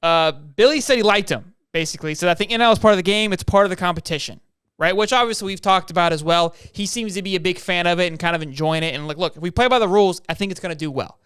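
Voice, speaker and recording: A young man chats about college football at a fast clip, his voice high for a man and crisp. He is animated and jokey, laughing often, recorded dry and close. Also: no echo. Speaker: podcast co-host. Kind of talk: casual sports chat.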